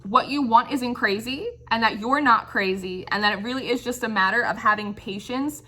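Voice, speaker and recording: A woman's voice: fairly high pitch, moderate pace, sharp tone. A woman giving an intuitive tarot reading. She muses and searches for words, often checks in with "right?", and speaks in an encouraging, affirming way. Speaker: tarot reader.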